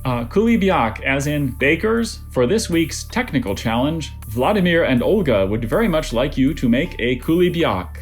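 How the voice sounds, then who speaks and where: An adult reading words, definitions and joke sentences as a spelling bee pronouncer over a video call, in a deadpan manner. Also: medium pitch, moderate pace, hardly any pauses, soft background music.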